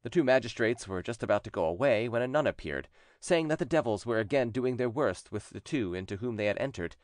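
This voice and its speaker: Lively male audiobook narrator, dry sound. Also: medium pitch, a little fast, dry recording. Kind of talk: scripted narration of a classic text.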